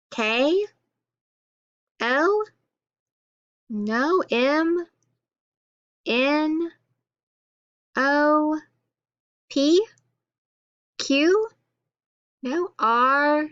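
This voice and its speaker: A woman teacher slowly leading a children's phonics lesson, naming letters, sounds and spelling patterns. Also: medium pitch, fairly bright tone, no echo, dull audio. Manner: slow, patient, drilling letters and sounds.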